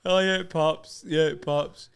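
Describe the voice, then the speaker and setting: A middle-aged man, a guest comedian in a casual podcast chat, telling stories with plenty of swearing and quick asides. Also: on the high side, steady tone, crowd noise.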